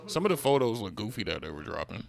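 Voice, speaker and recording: A man's voice: fairly low pitch, very animated, fast, vocal fry. A man co-hosting a podcast in casual chat about movies and shows, opinionated and emphatic in his asides. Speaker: podcast co-host.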